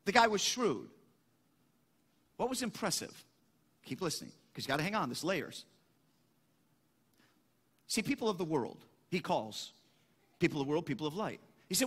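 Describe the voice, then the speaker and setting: High bright male pastor preaching, punchy emphatic delivery, echoey hall. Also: very animated, moderate pace, long pauses, slightly rough. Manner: emphatic, asks questions and answers them. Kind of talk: sermon.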